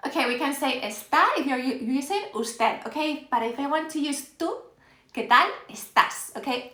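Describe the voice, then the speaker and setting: A woman with a Spanish accent teaches live into a phone, her voice bright and a little high. She is upbeat and keeps checking in with "okay?". The room around her sounds echoey. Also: normal speed. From Spain. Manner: upbeat, checks in with "okay?" after nearly every phrase. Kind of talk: live-streamed language lesson.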